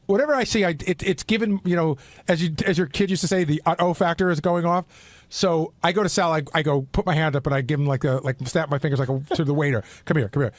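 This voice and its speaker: Fast, high-voiced man telling a story. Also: dry recording. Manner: excited storytelling with stammering restarts. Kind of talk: casual studio chat. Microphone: studio microphone.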